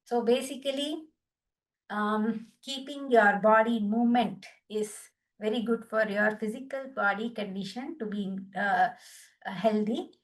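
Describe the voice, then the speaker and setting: A woman's voice: medium pitch, a little slow. A woman with an Indian English accent leading a group wellness session, cueing exercises in an upbeat, encouraging way with bursts of laughter. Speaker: yoga and laughter therapy instructor. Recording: distant from the mic.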